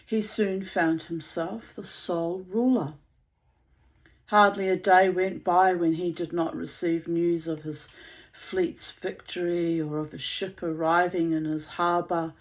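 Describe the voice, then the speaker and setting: A woman's voice: fairly low pitch, low-quality recording. A woman reading old myths aloud as a storyteller, with casual spoken asides.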